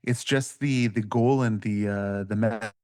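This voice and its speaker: A man's voice: lowish voice, steady tone, unhurried, a little mellow, no echo, studio quality. A man with a Canadian accent, a grappling guest chatting loosely and jokily, with plenty of fillers and restarts. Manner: rambling, jokey, many fillers and restarts. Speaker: podcast guest, grappling expert. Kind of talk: casual interview chat.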